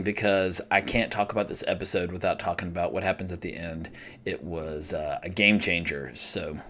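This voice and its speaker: A man's voice: lowish voice, fairly bright tone. Chatty man reviewing a TV episode. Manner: chatty, self-deprecating, frequent fillers and restarts. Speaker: TV review vlogger. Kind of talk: casual spoken review.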